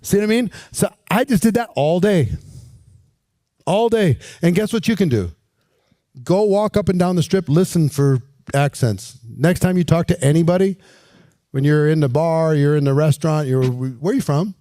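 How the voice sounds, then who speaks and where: Man as a high-voiced, mellow recruiting coach, energetic and direct. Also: normal speed, no echo. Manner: energetic, direct, coaxing questions. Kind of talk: coaching talk with acted pitch demos. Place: walking around while filming.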